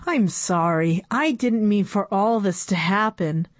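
A woman's voice: measured pace, dry recording, natural voice. A woman reading aloud, voicing a tearful female teacher and inventor who sobs dramatically. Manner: sobbing, high and dramatic.

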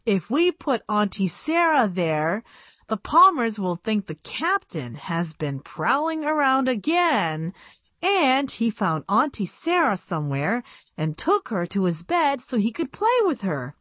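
A woman voicing a clever, bossy young girl doll in a bright, eager voice. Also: on the high side, very animated, unhurried, no room sound, pitched above the performer's own voice, full character voice. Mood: scheming.

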